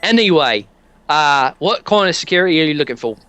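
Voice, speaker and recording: A man's voice: fairly high pitch, expressive, brisk, a bit bright, clear, resonant tone, no echo, pitched above the performer's own voice. Man putting on a chummy British shopkeeper. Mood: chummy salesman. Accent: British, put on. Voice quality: calls everyone mate, stumbles over his words. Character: chummy male security-shop proprietor, salesman.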